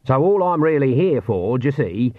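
A man reading an audiobook, voicing a shrewd, unflappable old witch who talks in a dry, measured, quietly menacing way. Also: mid-range voice, big pitch swings, no echo, natural voice. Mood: calm threat. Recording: dull, muffled audio.

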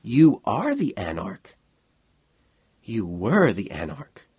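A man's voice: medium pitch, huge pitch swings, slow, a little mellow, husky, no echo, heavily acted. A man voicing a weary, earnest inventor who pleads his case, in an audiobook reading. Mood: pleading.

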